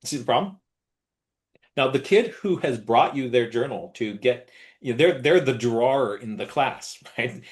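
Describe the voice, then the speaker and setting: A middle-aged man leading an online workshop, animated, acting out gushing praise in a high voice. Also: unhurried. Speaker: workshop presenter.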